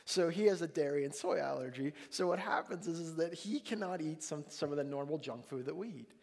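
High-voiced pastor preaching in a hall. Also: male voice, fairly quick, gravelly. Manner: animated, jokey storytelling with lively acted-out dialogue. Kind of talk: sermon storytelling. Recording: long reverb of a large hall.

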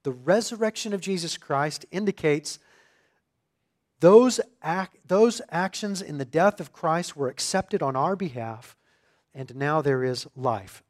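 A man preaching an expository sermon, reading scripture and growing emphatic and louder on key phrases. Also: fairly high pitch, expressive, measured pace.

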